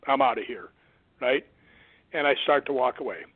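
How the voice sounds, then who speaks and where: A man tells a story as an interview guest, animated and putting on the voices of the people in it. He comes through a thin, tinny phone line. The sound is dry and close, with no room around it. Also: mid-range voice, moderate pace, breathy edge, dry recording. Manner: animated, acts out quoted voices. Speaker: guest, stuntman and ghost hunter.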